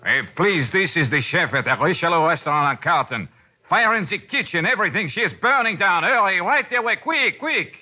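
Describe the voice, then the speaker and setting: A man's voice: mid-range voice, pushed and bright, breathy edge. A man voicing a detective who fakes a panicked French chef on the phone, speaking with a put-on French accent in 1940s radio acting. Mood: frantic. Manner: frantic, hurried, with a fake French accent. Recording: lo-fi old radio broadcast with music.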